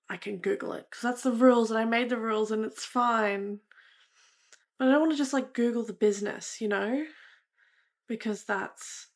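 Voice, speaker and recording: A woman's voice: on the high side, gravelly. A young woman from Australia, chatting casually and thinking aloud while she plays a map-guessing game. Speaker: game streamer. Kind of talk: casual gameplay commentary.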